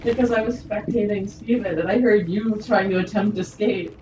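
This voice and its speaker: A woman's voice: mid-range voice, moderate pace, lo-fi sound, music in the background. A woman chatting casually with a dry, teasing manner while playing alongside friends. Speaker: fellow player. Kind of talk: casual chat. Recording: echoey, distant and noisy.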